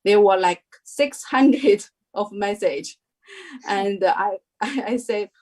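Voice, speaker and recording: Woman interview guest, plain mid voice, slow halting testimony. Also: mid-range voice, a little mellow. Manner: halting, unhurried storytelling. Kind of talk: personal testimony. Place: lives in New Zealand.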